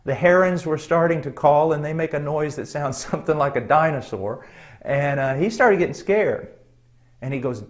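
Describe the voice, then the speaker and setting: Frequent pauses and soft chuckles punctuate this middle-aged man's sermon as he earnestly recounts a personal story in a conversational tone. His pitch leans high.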